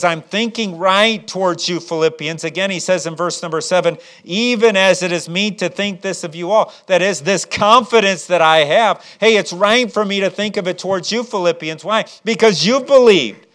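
Man, pastor, sermon, somewhat high-pitched, repeats words, rhetorical questions. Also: a bit bright. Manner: repetitive restarts, rhetorical questions, rising emphasis.

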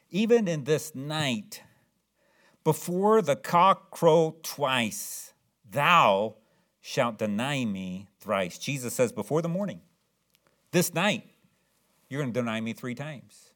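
A man preaching a sermon, reading scripture slowly and repeating phrases as he builds to loud, emphatic stresses. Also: medium pitch. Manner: reads scripture aloud in slow, drawn-out cadence. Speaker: pastor.

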